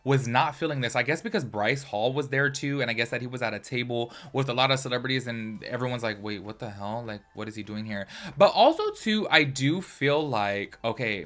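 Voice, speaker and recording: A man's voice: mid-range voice, brisk, hardly any pauses, a bit bright. A man talking casually to camera as a commentary host, rambling with lots of fillers. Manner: chatty, rambling, lots of fillers like "like" and "do you know what I mean". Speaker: commentary YouTuber.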